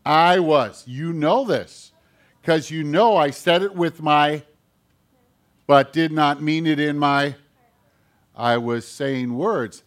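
Pastor guy doing a kids sermon, kinda high voice, takes it slow, playful and asks lots of questions. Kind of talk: children's sermon.

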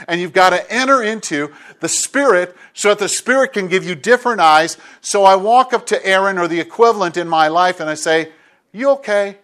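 A man's voice: high-pitched, fairly bright tone. A man preaching a sermon as a pastor, talking conversationally and acting out little bits of dialogue.

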